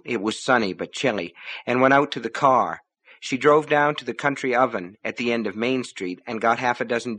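A man reading a novel aloud as narrator, in measured storytelling. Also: medium pitch, a bit bright. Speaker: audiobook narrator. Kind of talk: scripted narration.

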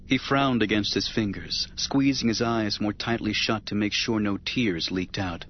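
A man with a fairly low voice narrates an audiobook in measured, even tones. The recording sounds dull and lo-fi, with a faint hiss underneath.

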